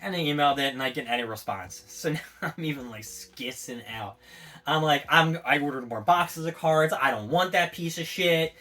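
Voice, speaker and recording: A man ranting casually as a vlogger, excitable, swearing freely and adding little sound effects as he goes. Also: fairly high pitch, moderate pace. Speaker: collectibles vlogger. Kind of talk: casual rambling monologue.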